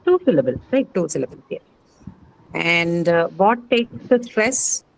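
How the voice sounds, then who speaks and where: A woman's voice: on the low side, sing-song, a little slow, vocal fry, a little hiss or hum, poor audio. Woman teaching a class. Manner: explains step by step, checks with frequent "right?". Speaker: English phonetics teacher. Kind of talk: classroom lecture.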